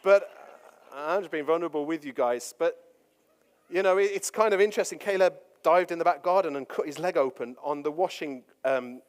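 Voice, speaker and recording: A man's voice: on the high side, a little fast, smooth, long reverb tail. A man, a pastor telling chatty, self-deprecating stories in a sermon. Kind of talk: storytelling sermon.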